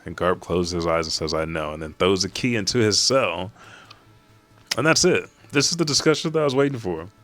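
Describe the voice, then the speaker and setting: A man hosting a live reaction to a manga chapter. He recaps it in an excited, profane and rambling way. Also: low-pitched, brisk, no room sound, soft background music.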